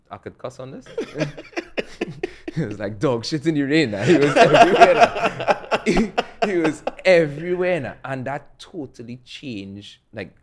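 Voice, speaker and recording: A young man, telling stories in a laid-back way as a music producer on a podcast, laughing often. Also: medium pitch. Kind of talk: casual interview chat.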